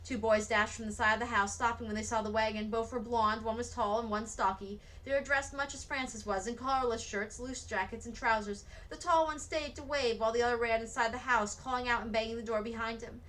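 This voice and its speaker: A woman reads a children's novel aloud at a steady pace. Her voice is bright and sits a little high. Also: fairly quick, few pauses, rough recording. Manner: steady storybook reading. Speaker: read-aloud narrator.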